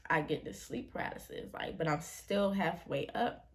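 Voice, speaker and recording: Low, gravelly-voiced young woman telling a story. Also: moderate pace. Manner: slangy, animated retelling with quoted voices. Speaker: vlogger. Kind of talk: casual storytime.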